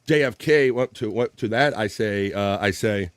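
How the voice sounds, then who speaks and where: A man's voice: on the low side, normal speed, a little hiss or hum. A man hosting a casual livestream, reading viewer comments aloud, laughing often and swearing casually. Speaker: livestream host.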